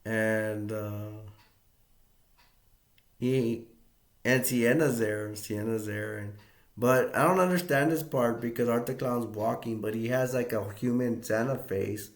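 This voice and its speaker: This movie reviewer is a man with a medium-pitched voice who talks a little slowly. He gives a casual, rambling retelling of a film in an echoey space, with plenty of fillers and restarts and lots of chuckling.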